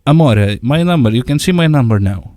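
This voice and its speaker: A man's voice: mid-range voice, animated, dark tone, no echo. Playful man. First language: Lithuanian. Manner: playful, drawn-out flirty teasing. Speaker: radio prankster. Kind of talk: prank phone call.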